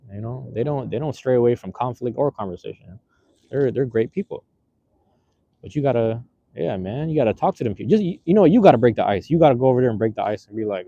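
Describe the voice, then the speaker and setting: A man's voice: medium pitch, warm tone, breathy edge, dry recording, highs cut off. A man streaming from his phone outdoors, chatting casually with his viewers in loose, slangy, rambling talk. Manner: loose slangy rambling, many fillers and restarts. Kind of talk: casual live-stream chat. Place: outdoors on the street. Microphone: handheld phone.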